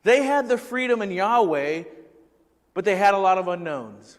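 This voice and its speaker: High-voiced pastor preaching in a reverberant hall. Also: male voice, lively intonation, moderate pace. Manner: conversational preaching, asks the congregation questions. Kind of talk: sermon.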